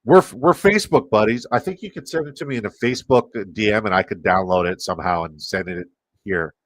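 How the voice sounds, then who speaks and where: A Canadian man with a lowish voice chats loosely on a live stream, rambling and dropping casual profanity as he reads messages aloud. He sits close to his mic in a dead, dry room. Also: fairly quick, no room sound. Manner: rambling, profane, reacting to chat. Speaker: fantasy football streamer.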